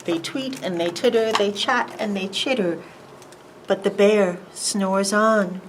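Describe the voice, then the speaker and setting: At a preschool storytime, a librarian reads a picture book aloud in an animated, sing-song way, stopping to ask the children questions. Her pitch is medium and her pace slow, with noise in the background.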